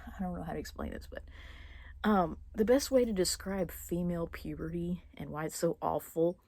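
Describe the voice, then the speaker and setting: A young woman vlogging casually, rambling with many fillers and restarts and clearing her throat now and then. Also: on the low side, normal speed, a little mellow, no room sound. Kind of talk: casual personal monologue.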